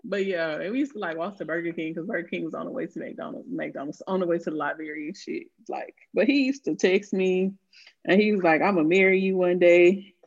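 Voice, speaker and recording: A woman's voice: fairly low pitch, fairly quick, creaky, husky. A woman telling a story in casual chat, swearing freely and laughing often. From American South. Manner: profane, animated, laughing often. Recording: dull lo-fi sound.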